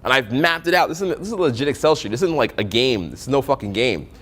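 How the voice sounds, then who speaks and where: A man's voice: mid-range voice, lively intonation, quick pace, fairly bright tone, long reverb tail. A young man coaching on dating in a casual, profane storytelling style, acting out both sides of conversations.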